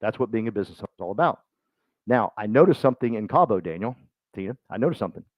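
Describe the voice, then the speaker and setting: Animated man giving a motivational talk. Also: on the low side, dry recording, dull audio. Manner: animated, joking, acts out quick voices. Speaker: speaker at a business meeting. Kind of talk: motivational talk to a live group.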